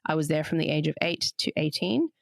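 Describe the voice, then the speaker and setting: A woman in her thirties from Australia with a mixed international accent, chatting casually as a podcast co-host, laughing easily and letting her pitch jump around. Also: a little fast, vocal fry, no echo, clean studio sound. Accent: mixed international, Papua New Guinea upbringing. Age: 30s. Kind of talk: casual chat.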